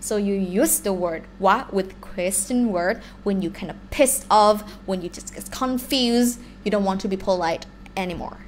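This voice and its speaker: A woman with a Thai accent, a native Thai speaker teaching a live online language lesson in an animated way. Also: mid-range voice, brisk, hardly any pauses, slight background noise. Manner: animated, switches between English and Thai examples.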